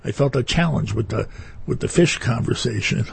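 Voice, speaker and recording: Gravelly, husky man on live radio. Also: medium pitch, moderate pace. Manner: playful, rambling, with many fillers and restarts. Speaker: radio co-host. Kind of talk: casual on-air chat. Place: radio studio.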